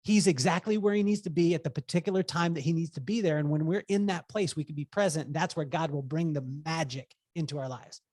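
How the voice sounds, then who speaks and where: A man's voice: fairly high pitch, fast, few pauses, darkish tone, no room sound, clean studio sound. A man in his forties from Southern California, a podcast guest who tells stories with energy, laughs often, swears casually and acts out quotes. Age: 40s. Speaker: podcast guest, business coach. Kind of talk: animated storytelling conversation.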